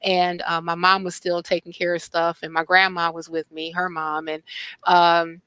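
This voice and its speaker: A woman from Chicago telling a story in casual chat, lively, with many fillers. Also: fairly low pitch, normal speed, clear, resonant tone, no echo. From Chicago, USA. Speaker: panel guest.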